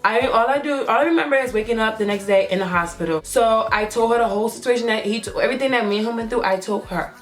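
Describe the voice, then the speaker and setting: A young woman vlogger telling a storytime, animated and profane, acting out the quotes she retells. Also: on the high side, fast talker, few pauses, soft background music. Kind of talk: storytime vlog.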